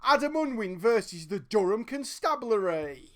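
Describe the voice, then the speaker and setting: A man's voice: high-pitched, big pitch swings, moderate pace. Sweary chatty Black Country man. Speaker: host and storyteller. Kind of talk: casual podcast chat.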